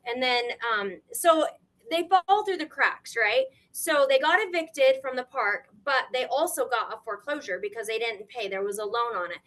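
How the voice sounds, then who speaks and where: A middle-aged woman, a grandmother, telling her story as a guest on a live stream, animated and emotional, acting out what people said. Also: sits high, moderate pace. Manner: animated, tearful at times, quotes people in shifting voices.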